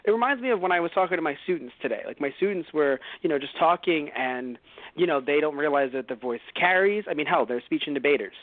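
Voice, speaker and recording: A man co-hosting a casual podcast, talking in an animated, rambling way and swearing a lot. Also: a little high, fast, no echo, phone-quality sound. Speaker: podcast co-host.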